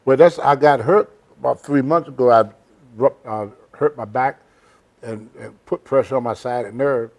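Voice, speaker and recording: A man's voice: mid-range voice, moderate pace, darkish tone. An older man hosting a casual interview, telling blunt, rambling stories in a folksy way. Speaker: host. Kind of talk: casual storytelling chat.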